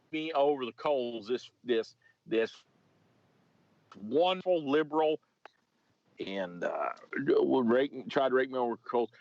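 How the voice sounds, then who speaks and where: Rambling, profane ex-cop telling stories. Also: male voice, medium pitch, dry recording. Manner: rambling, profane, lots of restarts. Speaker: former police officer telling a story. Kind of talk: casual comedic storytelling. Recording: dry, slightly muffled podcast audio.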